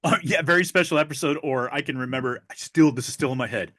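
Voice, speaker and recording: Telling jokes and long-winded stories that often restart, a fifty-something podcast co-host keeps the conversation casual. His medium-pitched voice is fast and fairly bright in tone.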